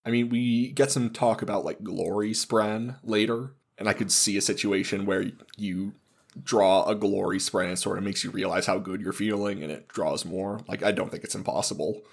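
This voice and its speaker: A man with a fairly low voice and a gravelly, creaky texture. He hosts a relaxed book-club podcast, explaining things patiently and laughing often. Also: moderate pace. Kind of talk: casual book discussion.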